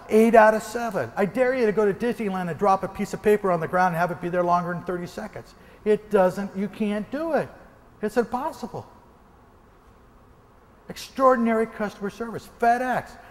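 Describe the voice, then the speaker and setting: A motivational speaker from the American Northwest, a man, telling a lively story during a keynote and acting out gunshots. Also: high-pitched, fairly quick, in a large hall. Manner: animated, acts out gunshots and quoted voices. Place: large hall before an audience.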